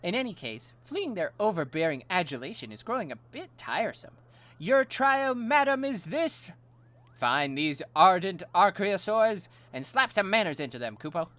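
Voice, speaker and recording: A man's voice: high-pitched, big pitch swings, moderate pace, fairly bright tone, voice pushed up. A man voicing a vain, self-adoring male moogle in a haughty, sing-song manner.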